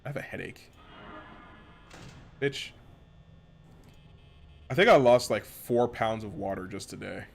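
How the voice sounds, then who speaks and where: A man's voice: lowish voice, fairly quick, gravelly, soft background music. A man from the western United States chatting casually and profanely while streaming a game, rambling with lots of slang. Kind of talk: casual gameplay chat.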